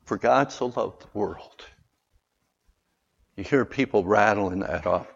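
A husky, low-pitched man preaches a sermon, unhurried and deliberate in his delivery. He swings from loud, raised calls to quiet, earnest asides and keeps asking the congregation for an amen. The sound is dull and lo-fi.

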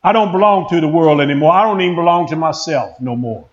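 A male pastor preaching a sermon in an excitable call-and-response manner, in a church. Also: on the high side, fast, highs cut off.

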